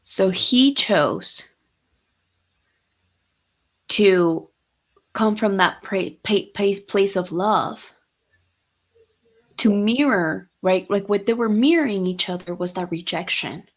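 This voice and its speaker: A woman in relaxed podcast talk, reflective and gentle, who acts out other people's words as she retells a story. Her pitch sits in an ordinary middle range for a woman. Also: slow pace, pauses often. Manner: reflective, retells stories with quoted dialogue. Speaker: podcast co-host. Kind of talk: casual heartfelt conversation.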